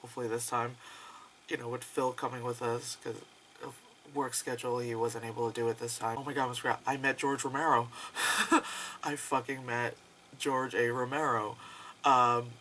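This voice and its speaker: A man chatting casually in a vlog, rambling and excitable, full of fillers and swearing. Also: medium pitch, normal speed, slight background noise, low-quality recording. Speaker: vlogger.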